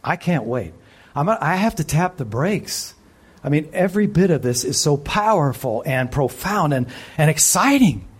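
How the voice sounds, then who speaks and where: A man preaching a sermon who speaks with energy, often asks the audience questions, and drops to a hush for emphasis. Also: on the high side, sing-song, moderate pace, husky. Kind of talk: expository sermon.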